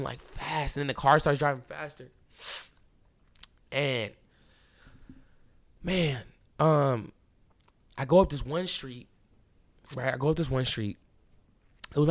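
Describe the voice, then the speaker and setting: A young man hosting a podcast, telling a story in a casual, animated way and filling it with "bro" and "like.". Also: fairly high pitch. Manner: animated, keeps saying "bro" and "like"; acts out quoted lines, drops to a hushed voice at times. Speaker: podcast host.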